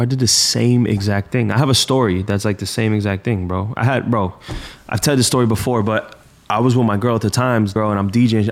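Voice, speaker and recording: A man, a DJ and radio host, rambling through a story in casual chat, full of slang and "bro". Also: fairly low pitch.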